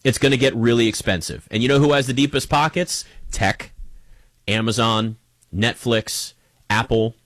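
A man hosting a sports talk show, giving a casual opinion monologue in an emphatic, animated way and speaking straight to the listener. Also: medium pitch, normal speed, no room sound. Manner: conversational, emphatic, animated, addresses listener directly.

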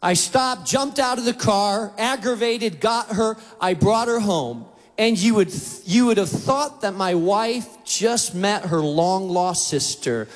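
A man preaching in a big auditorium, his voice sitting fairly high for a man. He tells animated stories and slips into other people's voices. A long reverb trails each phrase. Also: slow, hardly any pauses. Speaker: pastor. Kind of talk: sermon. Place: large auditorium.

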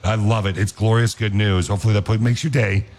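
A man's voice: on the low side, fairly even intonation, fast, darkish tone. A man hosting a radio show, talking enthusiastically in a casual chat style. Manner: enthusiastic, repeats praise. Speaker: radio host. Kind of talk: upbeat morning radio chat.

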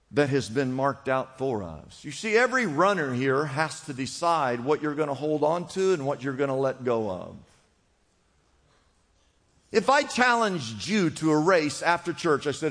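A man preaching from the pulpit with a high voice, driving his points home through repetition. His words ring out with a long reverb, as if they are filling a large church. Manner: preaching with rising urgency and repetition. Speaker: pastor. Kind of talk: sermon.

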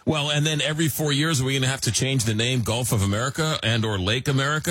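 A man hosting a radio talk show, joking and animated, repeating words as he gets going. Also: mid-range voice, quick pace, few pauses, slightly rough, dry recording. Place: radio studio.

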